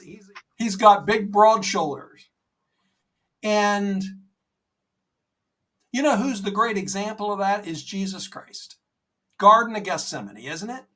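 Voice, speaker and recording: A man co-hosting a podcast, talking about faith in an earnest, gentle, reassuring way, often saying "you know". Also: sits high, recorded from a distance. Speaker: podcast co-host. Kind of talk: conversational faith talk.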